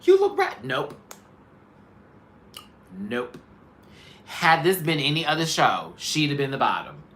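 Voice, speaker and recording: A man hosting a live show, giving sassy, animated, candid commentary in a casual chat. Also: fairly high pitch, slow. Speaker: host.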